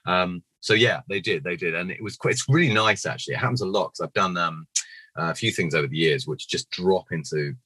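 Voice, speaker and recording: Low-voiced, husky man. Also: fairly quick, no echo. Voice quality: naturally low register. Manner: animated storyteller, acts out quoted voices. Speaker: puppeteer guest. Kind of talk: casual interview anecdotes.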